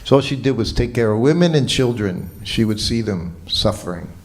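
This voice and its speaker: A man giving a morning lecture at a temple, telling a personal story in a relaxed way and quoting what people said. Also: mid-range voice, moderate pace. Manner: relaxed anecdotal storytelling with quoted dialogue. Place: temple hall.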